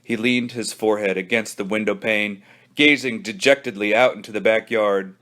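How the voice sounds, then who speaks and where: A man, a children's librarian, reading a children's book aloud with animated storytelling. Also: on the low side, normal speed.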